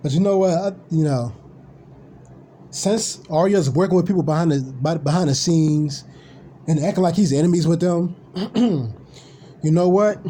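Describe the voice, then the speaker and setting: Man, high voice, mellow tone, rambling profane rant, live streamer. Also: measured pace, long pauses, slight background noise.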